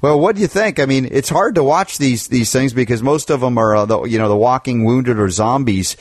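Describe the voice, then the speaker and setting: A man's voice: medium pitch, a little fast, no echo, clean studio sound. A man hosting a political talk radio show, chatting with a guest in an opinionated, rambling way with many restarts.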